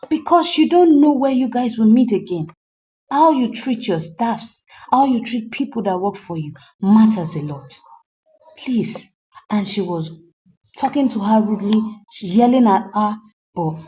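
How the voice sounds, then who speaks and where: A woman narrates a film's plot in a storytelling recap and pauses to lecture her viewers earnestly. Her voice is warm and mellow. The recording sounds dull and lo-fi. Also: medium pitch. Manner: earnest, moralizing asides to viewers. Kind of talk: storytelling film recap with commentary.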